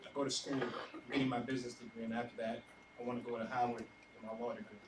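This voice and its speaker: A young man giving an unprepared, halting speech, choked up with emotion. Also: mid-range voice, level tone. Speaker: speaker's son. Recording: echoey hall, distant mic, room noise.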